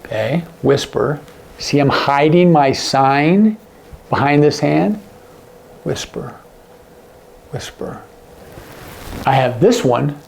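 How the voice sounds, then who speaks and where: Male instructor, gravelly, upper-middle pitch, demonstrative, repeats key words softly. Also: lively intonation, takes it slowly, slight background noise. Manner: demonstrative, drops to a hush on example words. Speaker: sign language teacher. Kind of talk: explaining lesson to camera.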